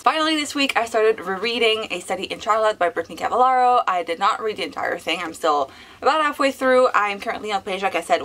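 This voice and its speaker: A woman's voice: mid-range voice, a bit bright. Chatty young woman vlogging. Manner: chatty, frequent ums and likes. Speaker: book vlogger. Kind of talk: casual reading vlog.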